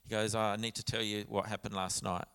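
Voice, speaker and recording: A man's voice: fairly low pitch, flat delivery, fast talker, a bit bright, clear, resonant tone. A man, a pastor telling a story in a sermon with quoted dialogue and frequent restarts. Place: church sanctuary. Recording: church hall with long reverb.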